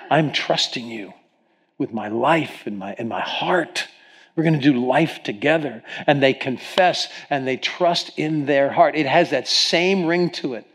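Earnest middle-aged man preaching. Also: mid-range voice. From Ohio. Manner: earnest storytelling with frequent restarts and stammers. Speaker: pastor. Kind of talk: sermon.

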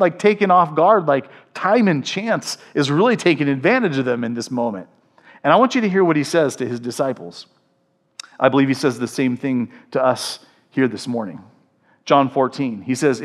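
A man preaches to his congregation with a fairly high voice. He keeps the sermon animated, acting out voices in the stories he tells. He asks the listeners questions as he goes. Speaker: pastor. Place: church before a congregation.

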